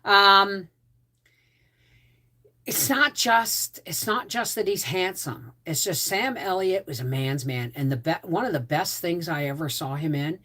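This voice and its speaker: A woman's voice: fairly low pitch, unhurried, sharp tone. A woman hosting a casual livestream, rambling with frequent restarts and asides. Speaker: homestead channel host.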